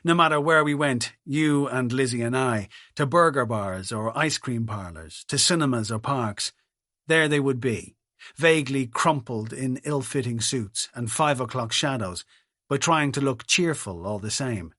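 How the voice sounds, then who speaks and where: A man's voice: mid-range voice, a little slow, fairly bright tone, no room sound. Wry, dry-voiced male audiobook narrator. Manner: wry, dry-humoured storytelling. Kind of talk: first-person audiobook narration.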